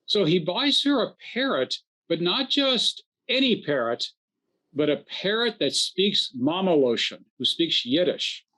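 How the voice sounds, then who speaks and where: A male rabbi speaks reflectively in a relaxed chat, his voice a little higher than most men's. He leans into gentle humor. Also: a little slow. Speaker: rabbi, co-host. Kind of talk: casual conversation.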